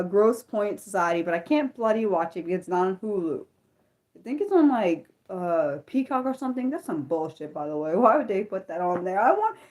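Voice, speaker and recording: A woman from Maryland with a Maryland American accent hosts a casual, unscripted livestream, rambling along with plenty of fillers and restarts. Her voice is mid-range with a darkish tone.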